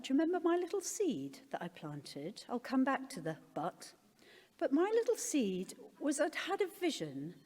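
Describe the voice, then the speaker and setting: A middle-aged woman speaks candidly about her own life at a conference, with dry, self-deprecating humour. Her voice is fairly high and a little mellow. The big hall gives the recording a long reverb.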